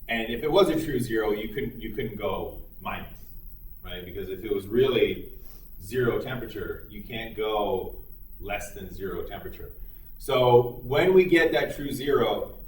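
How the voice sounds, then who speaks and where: A man's voice: on the low side, slight background noise. A man giving a recorded psychology lecture in a conversational way, with many hesitant fillers and acted-out dialogue. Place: classroom. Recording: roomy, distant mic.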